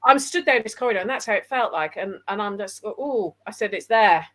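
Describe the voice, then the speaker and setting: An English woman, a paranormal investigator, telling animated stories in casual conversation over a video call. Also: mid-range voice, quick pace, a loud crowd. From England. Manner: chatty, animated anecdotes. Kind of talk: casual storytelling.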